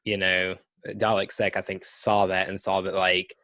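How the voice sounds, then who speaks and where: A man co-hosting a podcast in casual chat, relaxed and loose, with many fillers. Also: sits low, normal speed, dry recording, studio quality. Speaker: podcast co-host.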